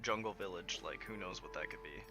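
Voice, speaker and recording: A man's voice: sits low, fairly quick, sharp tone. A man narrating as game master of a tabletop game, in a casual, filler-heavy way. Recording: background music under the voice.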